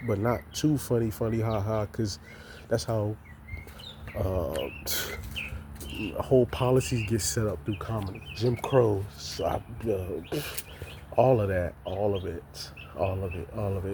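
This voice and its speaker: A man's voice: fairly low pitch, noisy background. A man giving an impassioned, profane monologue, repeating himself and stumbling over restarts. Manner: heated, repetitive, stammers and restarts. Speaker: vlogger.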